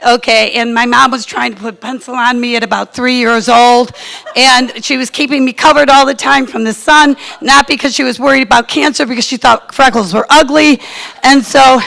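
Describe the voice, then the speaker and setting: A woman's voice: a little high, creaky, fairly bright tone, low-quality recording. A middle-aged woman telling a funny, self-deprecating personal story in a chatty way. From Chicago, USA.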